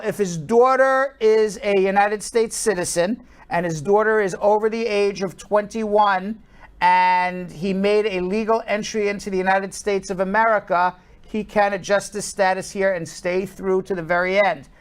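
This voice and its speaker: A woman's voice: medium pitch, steady tone, normal speed, clear, resonant tone. A woman co-hosting a live online show, greeting viewers by name and explaining immigration rules in an upbeat way. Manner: upbeat, calls out viewers' names, explains legal rules at length. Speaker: co-host. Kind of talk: live-stream show, reading viewer names and answering questions.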